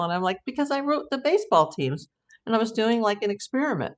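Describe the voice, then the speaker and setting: A woman's voice: mid-range voice, sing-song, quick pace. A woman from Southern California hosting a true crime livestream, chatting casually, reading viewer comments and rambling with frequent laughs.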